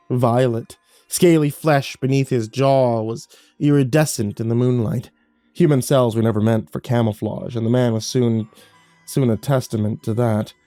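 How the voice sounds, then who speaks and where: A man reads a horror story in a slow, dramatic, hushed way. His voice is dark and mellow, and it sits close and dry over a faint, low music bed. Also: dry recording. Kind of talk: scripted horror narration.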